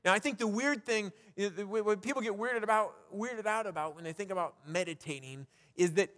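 Male pastor, higher pitch, casual preaching style full of restarts, recorded in a reverberant hall. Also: brisk, fairly bright tone. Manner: conversational preaching with frequent restarts and rhetorical questions. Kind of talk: sermon.

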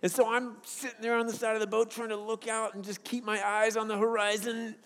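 A male pastor with a notably high voice delivers an earnest, conversational sermon. He mixes scripture with personal stories. His words ring out with the long reverb of a large church hall. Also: little pitch movement, fairly quick, a bit bright. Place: church sanctuary with a worship team.

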